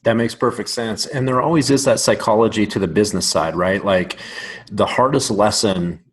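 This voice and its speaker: A man with a slightly low, husky voice talks things through in a thoughtful, explaining way. He hosts a casual podcast chat as a coach. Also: moderate pace. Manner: reflective, explanatory. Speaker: strength coach, podcast host.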